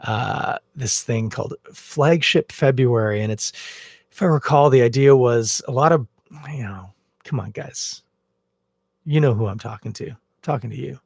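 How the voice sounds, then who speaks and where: A man's voice: medium pitch, a little slow, gravelly, a little mellow, dry recording, clean studio sound. A man hosting a casual podcast livestream from home, rambling with self-mocking jokes. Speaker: podcast host. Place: at home, in a bathrobe. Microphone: headphones with a cable, phone camera.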